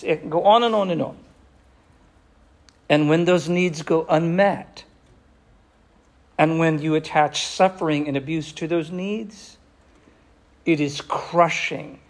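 A man preaching a sermon with passion, slowing down for emphasis and dropping almost to a whisper at times. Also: fairly high pitch, gravelly. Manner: impassioned, slows down for emphasis, drops to near whisper.

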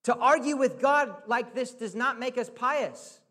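High-voiced earnest male preacher. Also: unhurried, few pauses, bright, forceful tone. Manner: conversational, earnest, asks "right?" often. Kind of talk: sermon.

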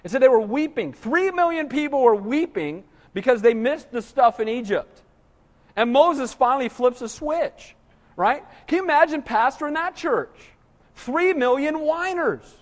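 A man's voice: very high-pitched, expressive, moderate pace, big-room sound. A man preaching a sermon as pastor, conversational and humorous, full of rhetorical questions to the congregation.

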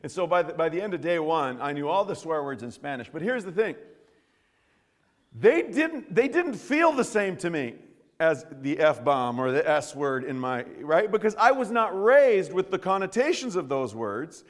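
American preacher guy, lively swoopy voice, keeps restarting lines and cracking jokes, echoey church hall. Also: a little high, moderate pace. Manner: lively, joking storyteller with frequent restarts. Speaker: pastor. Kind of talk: sermon with prayer and personal stories. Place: church service. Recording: long reverb of a church hall.

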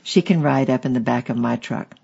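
A man reading an audiobook voicing a rude, bullying male truck driver who talks down loudly. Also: mid-range voice, fairly quick, vocal fry, breathy edge, highs cut off. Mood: hostile. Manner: loud and scornful.

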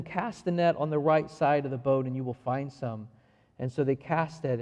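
A man's voice: a little high, in a large hall. A man preaching a sermon, acting out the lines of the passage as he reads and explains it. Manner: animated, acts out the dialogue of the passage. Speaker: pastor.

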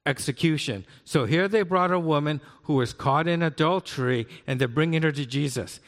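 Older pastor preaching in a reverberant hall. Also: male voice, on the high side, moderate pace. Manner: conversational, often asks "right?". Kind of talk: sermon.

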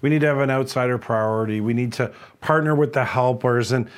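A man's voice: mid-range voice, a little fast. A man preaching a sermon as a pastor, telling a story in an earnest way, often restarting and repeating words.

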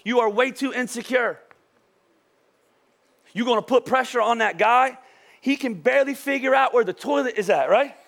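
A man's voice: very high voice, moderate pace, vocal fry, long pauses, a bit bright. A male pastor preaching a sermon in a conversational, joking way, often checking in with "right?".

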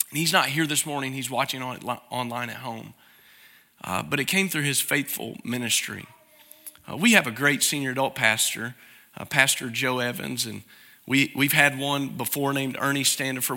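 A man speaking as a pastor to his congregation, earnest and grateful, sometimes growing soft and emotional as he shares news from the pulpit. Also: medium pitch, vocal fry. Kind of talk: church announcement from the pulpit. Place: church sanctuary.

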